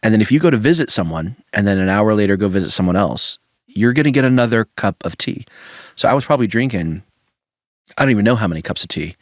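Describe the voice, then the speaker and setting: A low-voiced man from Southern California chats on a podcast, his pitch swinging widely as he tells stories and laughs often. The sound is close and dry, with no room around it. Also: quick pace, no room sound. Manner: animated storyteller who laughs often. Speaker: pastor. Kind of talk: casual podcast chat.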